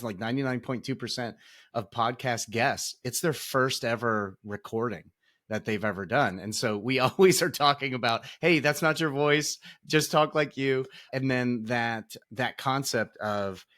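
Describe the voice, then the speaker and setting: A man's voice: medium pitch, fairly bright tone. A man hosting a casual podcast interview, upbeat, laughing often and restarting his sentences. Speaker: podcast host.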